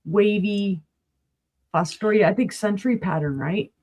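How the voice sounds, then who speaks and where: A woman's voice: mid-range voice, unhurried, darkish tone. Chatty woman with a New Mexico accent. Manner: chatty, folksy, describes items closely to viewers. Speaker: guest seller on a live auction stream. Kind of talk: casual live-sale chat.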